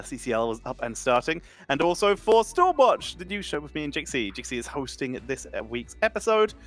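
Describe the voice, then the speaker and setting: A man's voice: mid-range voice, fairly bright tone. A man co-casting an esports stream as a guest, upbeat and jokey. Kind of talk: casual live stream chat.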